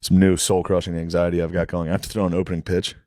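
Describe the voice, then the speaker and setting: A man's voice: low voice, little pitch movement, quick pace, a little mellow, dry recording, studio quality. A man in his thirties co-hosting a podcast, casual and crude, telling stories with acted quotes. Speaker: podcast co-host. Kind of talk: casual comedic chat.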